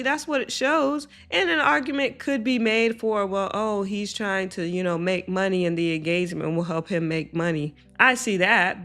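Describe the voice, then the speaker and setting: A young woman talks through a reaction video in a casual, outspoken way, with a voice of ordinary pitch. She sounds exasperated and repeats points to drive them home. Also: fairly bright tone. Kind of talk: casual commentary.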